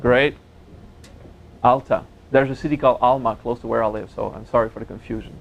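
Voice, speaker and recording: A man teaching a spiritual seminar in a gentle, playful way, joking with his audience and laughing at his own jokes. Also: mid-range voice, fairly even intonation, brisk, gravelly, muffled recording, slight background noise. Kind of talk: relaxed seminar talk.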